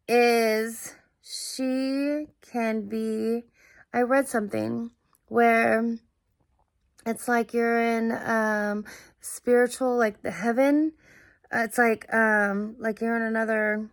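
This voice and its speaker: Young woman vlogging slow n halting, lots of ums, kinda high voice, dry close sound. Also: no echo. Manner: halting, full of fillers and restarts; earnest and searching. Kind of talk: casual personal monologue.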